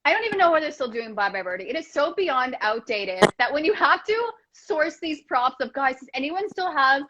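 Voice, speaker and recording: A woman hosts a relaxed chat, playful and quick with her asides. Her voice sits fairly high. The sound is dull and lo-fi, like a video call. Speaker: host. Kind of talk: casual chat.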